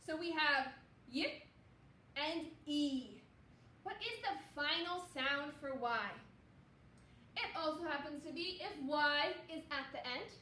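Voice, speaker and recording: A woman teaching a phonics lesson to second graders, sounding out letters slowly and encouraging them to repeat. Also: high voice, lively intonation, bright, forceful tone, echoey room, recorded from a distance, a little hiss or hum. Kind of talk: phonics lesson for young children.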